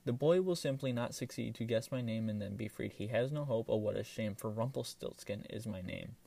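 A man's voice: mid-range voice, a little fast, gravelly, dark tone, recorded from a distance. A man voicing a small, gleeful, mischievous male elf who gloats in a sing-song way. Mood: gloating song.

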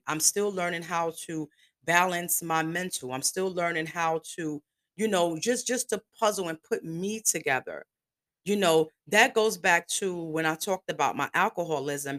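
A woman's voice: low-pitched, a bit bright. A woman around fifty talking candidly and emotionally in a rambling personal podcast monologue, with some swearing. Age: 50s. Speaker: podcast host.

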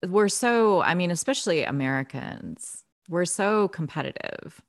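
A woman hosting a podcast who talks reflectively in casual conversation and thinks out loud. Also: fairly low pitch, expressive, a little slow, no room sound, clean studio sound. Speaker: podcast host.

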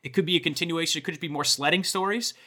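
A man's voice: on the high side, very fast, pushed and bright. A young man, co-hosting a podcast, who tells stories casually and animatedly, swearing and acting out voices. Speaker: podcast co-host. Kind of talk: casual chat.

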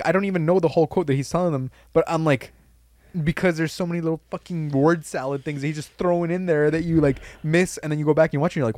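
A young man co-hosting a podcast in casual chat, rambling, swearing and acting out quotes with sudden high jumps in his voice. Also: darkish tone, dry recording, studio quality. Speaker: podcast co-host.

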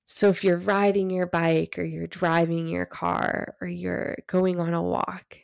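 A woman hosting a solo podcast, talking gently and guiding listeners through a practice, sometimes dropping to a hush. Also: lowish voice, little pitch movement, creaky, no room sound, studio quality. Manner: soft, gentle, unhurried guidance; drops to a hushed near-whisper when demonstrating. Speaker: podcast host.

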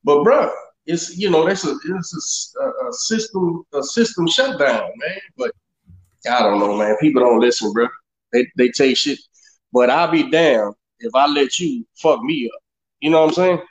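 A man's voice: fairly high pitch, expressive, normal speed. Profane laid-back man on an echoey mic. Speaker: podcast co-host. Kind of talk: casual chat. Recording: echoey, dull lo-fi sound.

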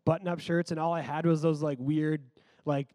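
A man preaching a sermon, telling a childhood story in an animated, conversational way with lots of "like.". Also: on the high side, moderate pace, no echo.

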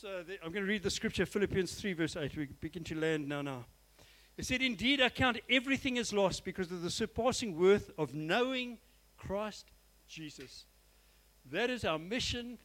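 A man's voice: high-pitched, a bit bright, rough recording. A man preaching a sermon in church, earnest and emphatic, often repeating his phrases and speaking straight to his listeners. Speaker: pastor.

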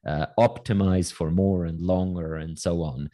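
A man talking as a podcast guest in a casual interview, quick and wry with lots of asides. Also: low-pitched, fairly even intonation, dark tone.

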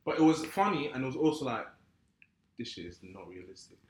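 A man's voice: medium pitch, big pitch swings, a little fast. A man talking bluntly and animatedly in a casual podcast chat. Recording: roomy room.

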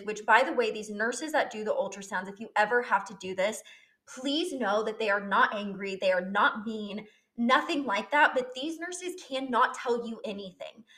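A woman's voice: fairly high pitch, fairly bright tone. A young woman telling a personal story on her vlog, candid and emotional, swearing freely. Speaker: vlogger.

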